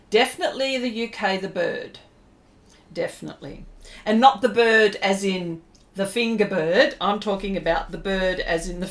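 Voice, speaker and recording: A middle-aged Australian woman chats in a slow, unhurried way as she draws on a live stream. She rambles from one thought to the next and laughs often, and her voice sits at an ordinary middle pitch. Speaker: pastel artist streaming live. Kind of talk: casual livestream chat while drawing.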